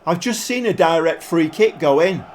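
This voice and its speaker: Excitable man commentating football. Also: a little high, normal speed, a little hiss or hum. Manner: commentates like a football pundit, with sudden excited outbursts. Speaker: gaming YouTuber.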